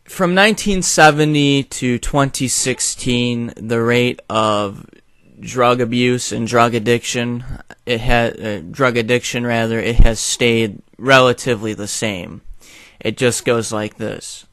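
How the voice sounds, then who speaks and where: A man's voice: medium pitch, takes it slowly, fairly bright tone, clean tone, dry recording, clean studio sound. A young man who rants his opinions to his viewers in a blunt, profane way, with a lot of fillers. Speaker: video commentator. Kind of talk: opinion rant to camera.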